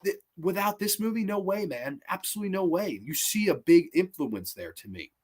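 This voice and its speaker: A man giving a casual review of old horror films, excitable and swearing freely. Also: sits high, fairly quick, slightly rough.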